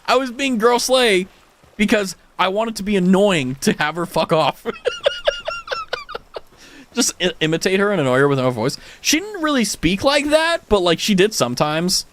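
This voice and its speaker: A young American man chatting casually with his stream, his voice sitting a bit high and swinging wildly up and down. He tells stories animatedly, with lots of fillers and the odd swear word. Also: normal speed, slight background noise. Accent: General American. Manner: animated storytelling, frequent swearing, many fillers. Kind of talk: casual chat with stream viewers.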